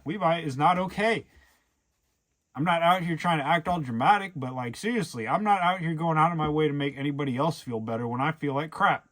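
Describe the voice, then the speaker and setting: A young man talking earnestly in a rambling way, with lots of fillers, in a casual personal vlog monologue. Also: medium pitch. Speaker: vlogger.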